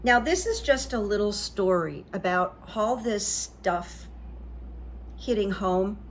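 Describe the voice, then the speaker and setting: A woman hosting her own channel, telling stories in a chatty, confiding way that trails off softly at the ends of phrases. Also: medium pitch, slow. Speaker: channel host. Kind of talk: casual storytelling monologue. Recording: faint background noise.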